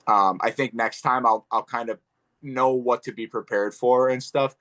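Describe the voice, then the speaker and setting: A young man and guest fighter talking casually in an interview, relaxed and rambling with lots of fillers and the odd swear. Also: mid-range voice, moderate pace.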